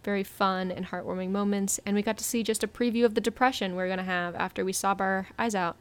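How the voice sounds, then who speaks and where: A young woman hosting a casual chat, upbeat and quick to laugh as she moves through a countdown. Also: medium pitch, steady tone, clean tone. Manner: upbeat, laughing, leads segments.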